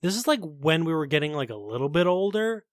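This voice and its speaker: A man's voice: fairly high pitch, sing-song, brisk, no echo, studio quality. Rambling young man. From Long Island, New York. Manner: laid-back, rambling, lots of "like". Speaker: podcast co-host. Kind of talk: casual chat.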